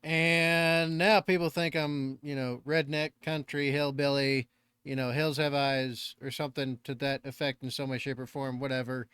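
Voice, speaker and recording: A man's voice: mid-range voice, level tone, normal speed, fairly bright tone, clean tone, dry recording, clean studio sound. A man with a Southern American accent picked up over the years, hosting a reaction channel in a rambling, self-deprecating way and swearing casually. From Northern California.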